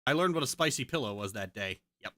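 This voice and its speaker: A woman's voice: extremely low pitch, expressive, fast, a bit bright, no room sound. A woman streamer in casual chat, ranting heatedly and swearing a lot.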